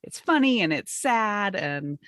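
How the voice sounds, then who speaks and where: A woman's voice: mid-range voice, sing-song, a little slow, fairly bright tone, no room sound. Middle-aged woman cohosting a podcast, gushy and chatty, mid voice, dry close mic. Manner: chatty and enthusiastic, frequent laughs. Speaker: podcast co-host. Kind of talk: casual chat.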